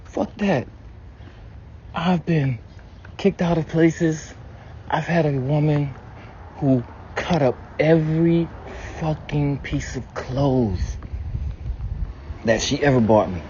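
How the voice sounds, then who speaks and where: Swearing heavily throughout, a man speaks a frank prayer to his ancestors, spinning stories with animated leaps in pitch and loudness. There's a bit of hiss or hum over the muffled, low-fidelity audio, which carries faint room ambience.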